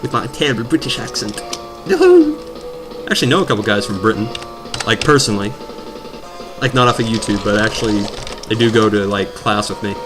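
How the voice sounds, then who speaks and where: A man's voice: lowish voice, steady tone, fast talker, pauses often. Rambling jokey man over game music. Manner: rambling and jokey, drifting between topics. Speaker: let's play commentator. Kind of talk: rambling gameplay commentary. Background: video game music.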